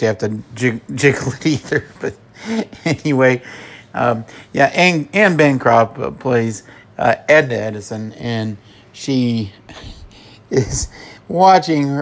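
A male podcast host recaps a film at a slow, unhurried pace. He chuckles often and pauses with fillers. His voice sits at a middle pitch.

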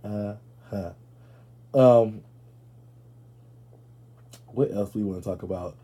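A man hosting a podcast in a casual comedic monologue. He is brash and profane, talks straight to his listeners, and jumps into loud, high-pitched outbursts. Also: takes it slowly, husky. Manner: addresses listeners directly. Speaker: podcast host.

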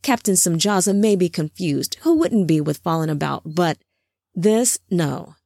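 Firm angelic male leader, grave and measured; a woman reads him, lowish voice, dry close mic. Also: animated, creaky, a little mellow, dry recording, full character voice.

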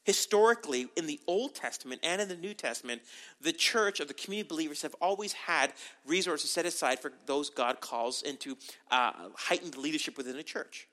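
Bright-voiced pastor preaching conversationally. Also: male voice, fairly high pitch, a little fast. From Canada. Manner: animated, frequent "right?" asides and restarts. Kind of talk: conversational sermon.

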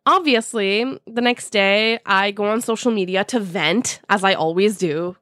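A young woman hosting a podcast, telling a story in a casual, animated way with lots of swearing and laughter, and dropping Persian words in. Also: medium pitch, unhurried, dry recording, studio quality. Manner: animated, profane, laughs often. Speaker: podcast host.

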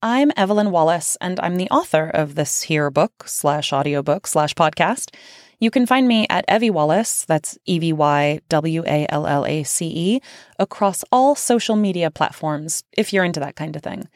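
A woman's voice: low-pitched, expressive, moderate pace, darkish tone, no room sound, clean studio sound. A woman author reading her own book aloud as an audiobook, casual in tone with wry asides. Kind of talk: audiobook narration.

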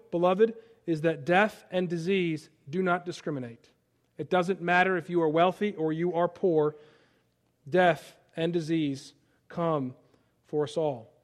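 A pastor in his thirties delivers a sermon in a notably high voice. He moves between soft, hushed storytelling and loud, impassioned peaks. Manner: dynamic preaching, quiet and hushed in stories, rising to loud peaks.

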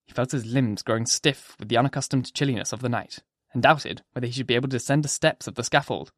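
Male audiobook narrator, mid-pitched, measured storytelling, dry close mic. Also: a bit bright, no echo. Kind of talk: scripted narration.

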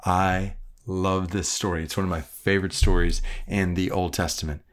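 A man's voice: low-pitched, a bit bright. A man who is a pastor, reading scripture and then leading an earnest, reflective prayer.

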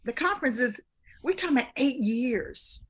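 An earnest woman in her fifties speaking as an interview guest, with a gravelly, fry-tinged edge to her voice. She leans on repetition to drive her points home. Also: a little high, lively intonation, moderate pace. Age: 50s. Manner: earnest, repeats phrases for emphasis. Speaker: guest speaker and life coach. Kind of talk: casual interview talk.

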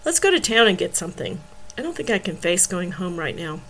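A woman doing an easygoing man who stays calm and a little wry. His manner is relaxed and unhurried. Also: high voice, slight background noise, heavily acted.

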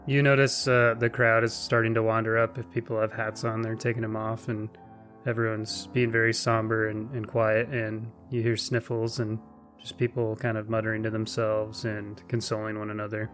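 A man narrating a tabletop role-playing game as game master, with gentle, unhurried descriptions. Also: lowish voice, completely flat delivery, soft background music.

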